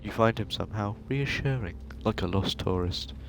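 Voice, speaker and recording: A man hosting a gaming video, reading a narrative game aloud in steady narration. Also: lowish voice, moderate pace, gravelly. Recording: game music playing behind.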